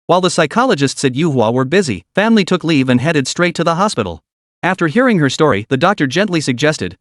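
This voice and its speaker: Brief: male narrator for a drama recap, animated pitch, tight dry sound. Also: quick pace, no echo. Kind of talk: scripted story recap narration.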